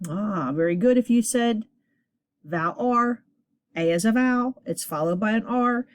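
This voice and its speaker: A woman teacher leading a children's reading lesson, encouraging her class and sounding words out slowly at a board. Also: on the high side, expressive, dry recording, studio quality.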